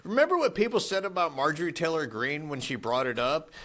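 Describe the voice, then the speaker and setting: A man co-hosting a casual podcast, talking in an animated way and mimicking other voices mid-story. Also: a little high, brisk. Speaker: podcast co-host. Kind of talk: casual chat.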